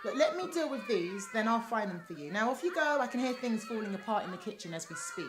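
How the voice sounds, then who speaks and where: Teary, apologetic hotel manager played by an actress; very animated pitch. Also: female voice, fast talker, background noise. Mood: bright, busy. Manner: laughs often, teary, apologetic. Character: emotional hopeful hotel manager woman, apologetic. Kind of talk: TV drama acting.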